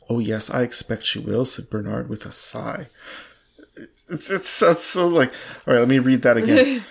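Man, gravelly voice, reads aloud, trips on words, amused. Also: medium pitch, expressive, moderate pace. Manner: stumbling, amused, laughs at the text. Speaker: reader. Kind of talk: reading a book aloud with banter.

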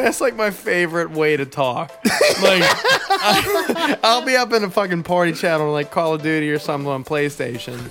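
A man's voice: on the high side, fairly bright tone. A man in casual chat among friends, rambling with restarts, laughing and swearing.

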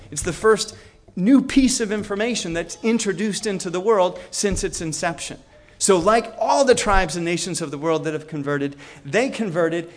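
A man lectures on history with energy, telling it as a story and acting out quoted lines by shifting his pitch.

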